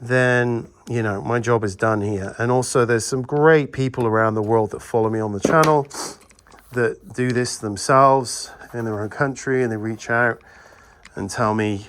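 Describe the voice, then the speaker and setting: An English man with a mid-pitched voice runs a casual vlog from his own shop late at night. He talks bluntly and chattily, slipping into ranting asides as he works. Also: normal speed, a bit bright. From England. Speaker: video transfer shop owner.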